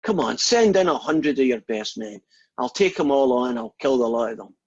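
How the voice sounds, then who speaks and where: A man's voice: mid-range voice, animated, normal speed, a little mellow, husky, highs cut off. A man doing a cocky Scottish fighter. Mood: boastful. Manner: cocky taunting challenges. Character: boastful lone male Scottish fighter.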